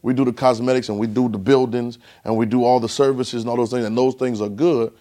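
A man's voice: medium pitch, steady tone, quick pace, warm tone. Male pastor preaching, gets the crowd to say lines back, lots of repeats and restarts. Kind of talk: sermon.

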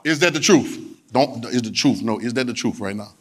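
A man's voice: medium pitch, brisk. A man preaching a sermon in a colloquial manner, repeating phrases and urging the congregation to answer back. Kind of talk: sermon with call-and-response.

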